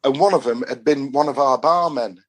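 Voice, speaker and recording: A man's voice: mid-range voice, a little fast. A man with a Yorkshire accent, a podcast guest telling rambling, chatty stories about football away trips. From England. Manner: rambling storyteller, chatty and broad. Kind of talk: casual anecdotal chat.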